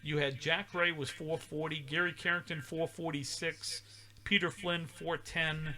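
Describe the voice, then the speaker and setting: A man's voice: a little high, little pitch movement, a little slow, bright, forceful tone. A middle-aged man co-hosting a podcast in casual chat, rambling through old scores with many fillers. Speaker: podcast co-host.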